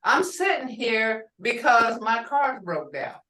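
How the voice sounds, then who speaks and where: A woman's voice: on the high side, sing-song, takes it slowly, pushed and bright. A woman teaching a language class, drilling words aloud and asking students whether each sound is short or long. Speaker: language instructor. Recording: roomy classroom audio from far off.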